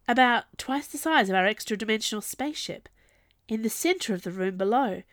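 A woman reading a story aloud as narrator, in an expressive, lively storytelling manner. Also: medium pitch, no echo, clean studio sound. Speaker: audiobook narrator. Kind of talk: scripted narration.

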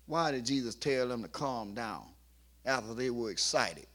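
A middle-aged pastor preaching a sermon, rising from quiet talk to shouting and acting out the voices in his stories. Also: medium pitch, lively intonation, moderate pace.

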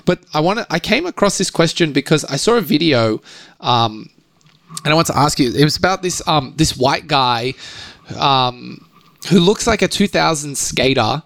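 A man's voice: fairly high pitch, normal speed, creaky, dry recording. Young male co-host, casual and slangy, close dry mic. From Australia. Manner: loose and slangy, animated storytelling. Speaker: podcast co-host. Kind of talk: casual chat.

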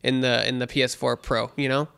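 A man co-hosting a casual chat, excitable and rambling, restarting his sentences often. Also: medium pitch, a little fast, gravelly, clear, resonant tone. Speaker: podcast co-host.

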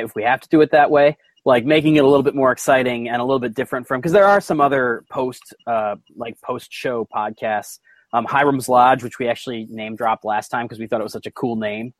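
A man co-hosts a podcast in quick, tumbling speech. He rambles and repeats words as he restarts thoughts, and his voice sounds dry and close. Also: medium pitch, dry recording. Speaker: podcast co-host. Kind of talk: casual podcast chat.

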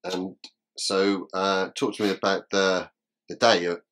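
Male interviewer, low voice, halting rephrased questions, faint background noise. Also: flat delivery, fairly bright tone.

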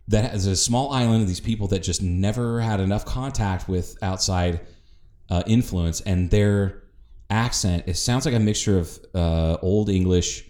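A man's voice: lowish voice, darkish tone. A man from the northern United States co-hosting a podcast in casual chat, rambling through tangents and swearing freely. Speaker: podcast co-host. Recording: roomy echo.

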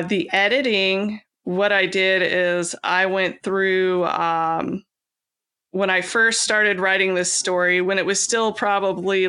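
A woman's voice: fairly low pitch, pushed and bright, clean tone. A woman from California, an author and podcast guest, chatting casually and laughing often, with many fillers and restarts. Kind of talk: casual interview chat.

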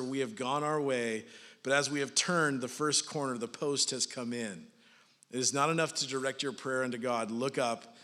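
A man preaches a sermon in a casual, joking way, conversational in manner and often checking in with "right?" and "like". His voice is medium-pitched, bright and forceful. Long hall reverb colors the recording.

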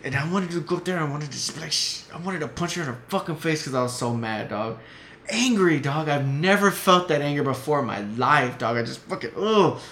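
A podcast guest, blunt and heated, tells stories packed with swearing in a casual chat. He's a fast talker with few pauses, his fairly high voice animated and a bit bright, recorded in an echoey room with faint noise.

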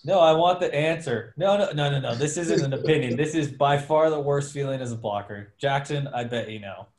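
Male co-host, animated storyteller, casual banter, recorded in a roomy space. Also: mid-range voice, brisk. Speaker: volleyball player and podcast co-host. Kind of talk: casual chat. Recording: roomy echo.

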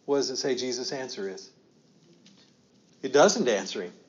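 A man teaching from scripture in an interactive study, asking questions and acting out the lines he quotes with rising emphasis. His voice sits at an ordinary pitch. The recording is slightly dull and lo-fi. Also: lively intonation, moderate pace. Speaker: pastor.

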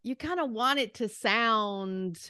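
A woman's voice: a little high, expressive, slow, pushed and bright, smooth, no echo, clean studio sound. A woman guesting on a movie podcast, talking eagerly about occult lore and laughing often. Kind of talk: casual movie podcast chat.

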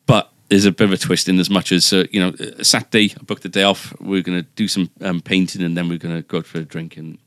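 Deep-voiced man rambling through an anecdote. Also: little pitch movement, fast talker, few pauses, fairly bright tone, no room sound, clean studio sound. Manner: rambling, full of fillers and self-mocking asides. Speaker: podcast host. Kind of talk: casual anecdote telling.

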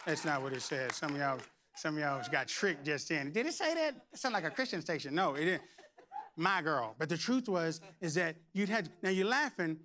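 A middle-aged man, preaching a lively, playful sermon with shouts and humor. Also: on the high side, normal speed. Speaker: pastor.

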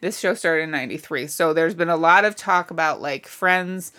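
A woman's voice: sits low, moderate pace, sharp tone. A woman co-hosting a podcast in casual chat, often chiming in with short agreements. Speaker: podcast co-host.

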